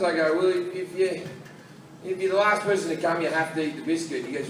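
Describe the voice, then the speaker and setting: An Australian man doing a crude stand-up comedy routine, telling stories that swing between low mutters and loud outbursts, recorded live at a comedy club. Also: quick pace. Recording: live club set from far off, echoey, loud crowd and noise.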